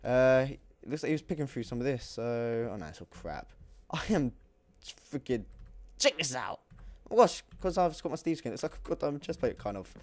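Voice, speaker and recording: A young man giving excitable, jokey commentary while playing a video game, swinging between loud outbursts and quiet muttering. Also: mid-range voice, brisk. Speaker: gaming YouTuber. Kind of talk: gameplay commentary.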